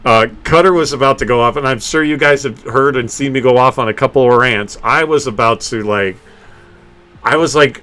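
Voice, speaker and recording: A man hosts a casual streamed podcast with a bright, forward voice. He tells animated stories, swears freely and laughs often. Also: medium pitch, normal speed. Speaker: podcast host. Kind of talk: casual livestream podcast chat.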